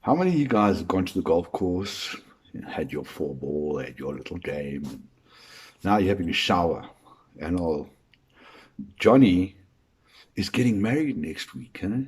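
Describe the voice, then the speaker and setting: Husky, animated male comedian. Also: low voice, a little slow, pauses often. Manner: rambling, crude, rhetorical questions. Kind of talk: stand-up monologue.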